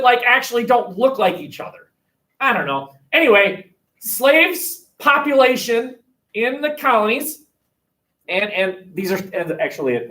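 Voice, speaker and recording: A man teaching history to a class, animated, thinking aloud and asking the class questions, recorded on a webcam across the classroom. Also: very high voice. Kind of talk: classroom lecture. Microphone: webcam across the room. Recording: roomy classroom picked up from a distance.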